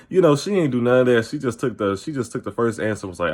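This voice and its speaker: Speaking to camera, a man recaps a reality TV episode in a blunt, profane, opinionated, casual way. His medium-pitched voice is fairly quick with lively intonation.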